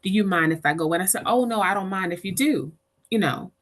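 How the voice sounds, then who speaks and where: Talking fast in a medium-pitched voice, a middle-aged woman shares a caregiving story from her life as an interview guest. She performs it animatedly, doing the voices of the people in it.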